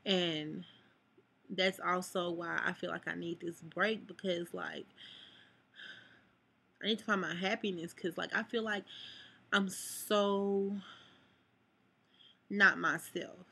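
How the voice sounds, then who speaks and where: A woman's voice: on the low side, fairly even intonation, slow, gravelly, long pauses, sharp tone, slightly rough. A sad, upset young woman venting to viewers in a rambling vlog, cursing freely. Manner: rambling, cusses, addresses viewers. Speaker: vlogger.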